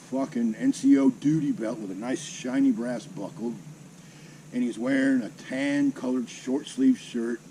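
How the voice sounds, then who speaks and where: A man's voice: mid-range voice, slight background noise, poor audio. A man in his sixties telling a salty personal story in a casual, heavily profane way. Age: 60s. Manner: heavily profane, salty, animated with mimicked sounds.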